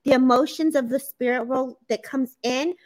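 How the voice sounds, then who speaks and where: A woman with a high voice hosts a live psychic chat on a video call, speaking at a moderate pace with fairly even intonation. A psychic medium and live-stream host, she talks casually in an effusive, gushing, emotional way.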